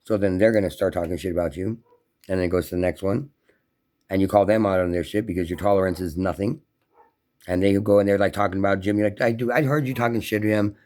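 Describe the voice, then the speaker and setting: Deep-voiced man ranting with profanity. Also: steady tone, fast talker, dark tone. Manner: profane, emphatic, run-on. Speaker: vlogger. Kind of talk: casual ranting monologue.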